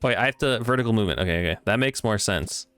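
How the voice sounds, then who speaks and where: A man streaming a video game, chatting casually, reacting excitably with swearing, laughter and mock-grand musings. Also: lowish voice, fast, clear, resonant tone, no echo, soft background music. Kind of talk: casual gameplay commentary.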